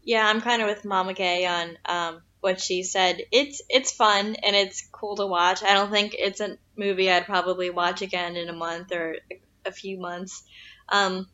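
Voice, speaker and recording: A woman's voice: medium pitch, flat delivery, moderate pace, sharp tone. A woman co-hosting a casual movie podcast, easygoing and giving her opinion. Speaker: podcast co-host. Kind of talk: casual movie review chat. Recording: slightly dull, lo-fi sound.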